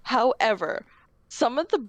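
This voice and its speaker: A woman's voice: on the high side, expressive, unhurried, dry recording. Rambling woman running a tabletop game. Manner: rambling, filler-heavy. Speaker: game master.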